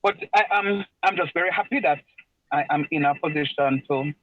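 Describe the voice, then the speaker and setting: A man runs an online class over a video call, his slightly high voice coming through muffled and dry. He talks in a chatty way and circles back on his phrases for emphasis. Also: brisk, no echo. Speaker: lecturer.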